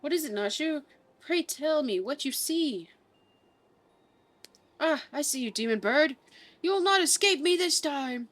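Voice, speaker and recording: A woman playing a puffed-up gentleman detective from a video game, drawling in a southern accent and talking in stately, old-fashioned phrases. A bumbling adult man who takes himself very seriously, with a fairly high voice from the woman putting him on. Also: expressive, a little slow, pauses often. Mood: pompous. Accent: put-on southern drawl. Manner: grandiose, old-fashioned formal diction. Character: pompous bumbling gentleman inspector, male adult. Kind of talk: reading game dialogue aloud.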